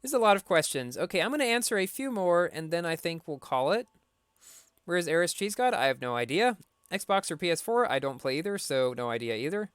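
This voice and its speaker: A man's voice: a little high, sing-song, brisk, a bit bright, smooth, dry recording, clean studio sound. A man streaming a racing game, reading viewer questions aloud and answering them briefly in a casual tone.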